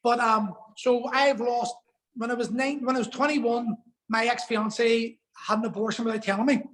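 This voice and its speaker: A man's voice: very high voice, steady tone, normal speed, a bit bright, rough recording. A man telling a personal story as a podcast guest, earnest and emotional, swearing for emphasis.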